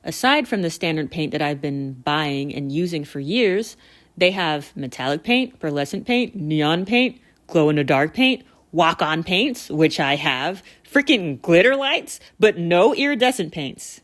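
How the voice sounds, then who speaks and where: A woman vlogger narrating a scripted story in an animated, exasperated and self-mocking way. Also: sits low, unhurried.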